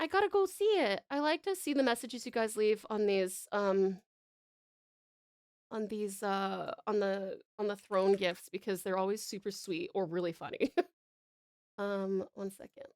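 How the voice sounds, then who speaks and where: A woman's voice: a little high, dry recording, clean studio sound. A woman from Tasmania, chatting casually on a live stream, bubbly and affectionate with her viewers, giggling and swearing now and then. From Tasmania, Australia. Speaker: VTuber streamer.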